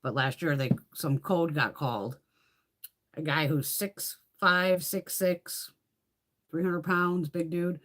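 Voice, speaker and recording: A woman's voice: deep voice, steady tone, slow, fairly bright tone. A woman hosting a beauty livestream, rambling casually with lots of swearing and laughter. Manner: rambling, profane, laughs often. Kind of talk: casual livestream chit-chat.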